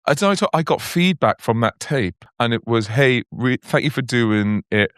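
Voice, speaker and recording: A man's voice: medium pitch, lively intonation, normal speed, fairly bright tone, smooth, no echo, studio quality. A man co-hosting a comedy podcast, telling stories and laughing often in casual chat. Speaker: podcast co-host.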